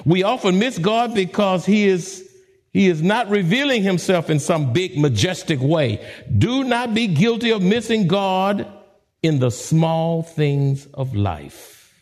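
A man as a pastor preaching a sermon, dramatic, swooping from soft to high. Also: very animated, slow pace.

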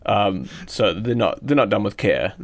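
Guy doing deadpan comedy podcast banter, quick dry asides. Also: on the low side, gravelly.

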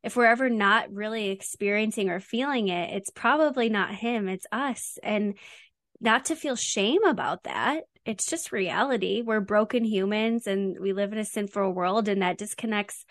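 A woman's voice: mid-range voice, normal speed, no echo. A woman with a mid-range voice hosts a faith podcast, recorded close with a dry sound. She speaks conversationally, reflecting back on what her guest shares and affirming it. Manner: warm, affirming, conversational questions. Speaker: podcast host.

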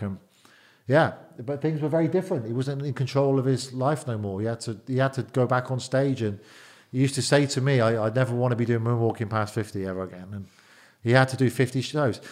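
A middle-aged man, an interview guest and former bodyguard, telling stories in a casual, animated way, often repeating words and quoting others. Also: mid-range voice. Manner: animated, repeats words, quotes people in dialogue. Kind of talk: casual storytelling.

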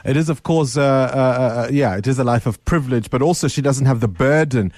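A man's voice: medium pitch, a little fast. A man hosting a radio talk show in casual, conversational chat. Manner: conversational and relaxed, with easy restarts. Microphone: studio microphone.

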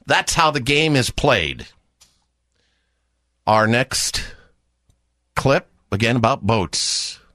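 Brief: chummy male radio host, lively delivery, dry studio sound. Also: mid-range voice, very slow, pauses often, no echo. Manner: upbeat, chummy with callers. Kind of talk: radio call-in quiz.

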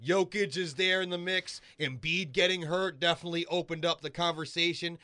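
Bright-voiced radio producer man. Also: a little high, fairly even intonation, a little fast, dry recording. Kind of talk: sports talk radio chat.

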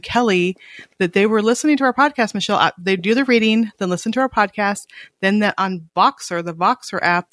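A woman's voice: medium pitch, a bit bright, no room sound, clean studio sound. A woman in her thirties or forties co-hosting a podcast, chatting casually about a Bible reading, laughing often and reading scripture aloud. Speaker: podcast co-host.

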